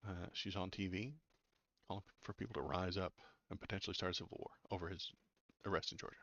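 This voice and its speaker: A very deep, gravelly-voiced man giving casual political commentary. He is blunt and sarcastic and stumbles over words now and then. The recording is dry, dull and lo-fi. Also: steady tone, fast, a bit bright, dry recording.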